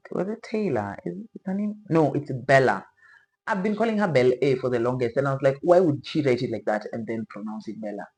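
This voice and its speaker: A woman's voice: a bass voice, darkish tone, low-quality recording. A woman chatting casually as a reaction vlogger, rambling and playfully opinionated, with slang asides.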